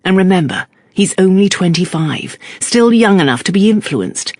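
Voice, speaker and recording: A composed, stern magistrate , as a narrator puts him on, speaking in measured, quietly threatening lines. The voice is dry and close. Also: medium pitch, big pitch swings, no room sound. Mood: cool, stern. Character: stern, calm male magistrate, middle-aged.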